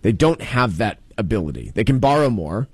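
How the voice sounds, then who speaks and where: Low-voiced, joking radio talk host. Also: male voice, sing-song, normal speed, slightly rough, dry recording. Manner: loose, joking, thinks aloud with many fillers. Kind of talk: casual financial talk radio chat.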